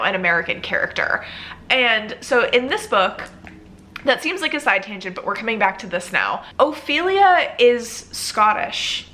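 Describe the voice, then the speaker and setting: A young woman book vlogger chats casually in a review video, thinking aloud and saying "like" a lot. Her voice is medium-pitched, bright, and forceful.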